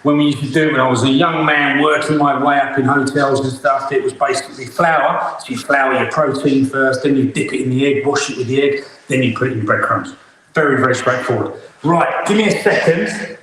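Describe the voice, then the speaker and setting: A man's voice: mid-range voice, a little fast, a bit bright. Chatty male chef in an echoey kitchen. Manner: chatty, upbeat, talks while cooking. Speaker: chef hosting a cookalong. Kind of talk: live online cooking demonstration. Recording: very echoey room, faint noise.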